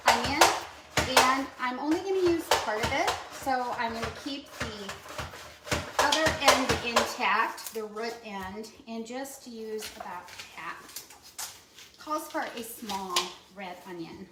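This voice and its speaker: A woman's voice: on the high side, measured pace, roomy sound, far from the mic, heavy background noise. A woman giving a chatty step-by-step cooking demonstration in a kitchen. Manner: chatty step-by-step instructions with fillers.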